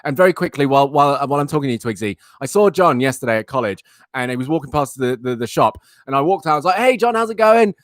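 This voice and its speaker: A man's voice: mid-range voice, very fast, hardly any pauses, no echo, studio quality. A young man hosting a live talk stream, telling a rambling, exasperated story and repeating himself for emphasis. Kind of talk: casual ranting anecdote.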